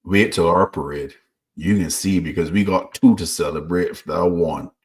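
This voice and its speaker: A man chatting casually about football, relaxed and friendly, calling his co-host bro. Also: low-pitched, normal speed.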